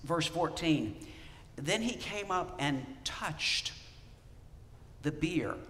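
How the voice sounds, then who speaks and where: Male pastor, lively preaching voice that questions the congregation, bright tone, reverberant church hall. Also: on the high side, drawn-out words, a little hiss or hum. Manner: animated, asks the congregation questions. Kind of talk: sermon.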